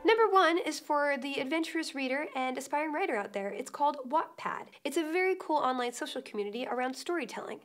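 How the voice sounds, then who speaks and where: A woman's voice: high voice, expressive, fast talker, few pauses, faint music behind. A young woman hosting a web show in a quirky, playful scripted vlog style with jokey asides.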